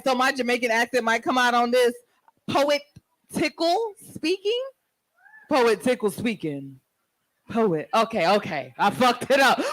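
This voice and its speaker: A man's voice: extremely high pitch, sharp tone, low-quality recording. A man hosting a poetry open mic, bantering loosely and jokingly with the crowd. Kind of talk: casual stage hosting.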